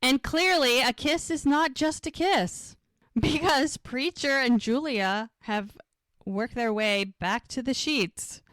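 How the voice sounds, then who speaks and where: A woman's voice: sits high, slow, a bit bright, dry recording, clean studio sound. A woman co-hosting a podcast, recapping a TV episode in detail in a casual way. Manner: retells scenes in detail, acting out quoted lines. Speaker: podcast co-host.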